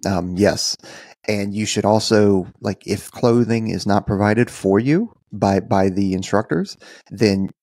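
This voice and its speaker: A man's voice: on the low side, measured pace, darkish tone, dry recording, studio quality. A man co-hosting a podcast, talking casually in a rambling way with frequent restarts.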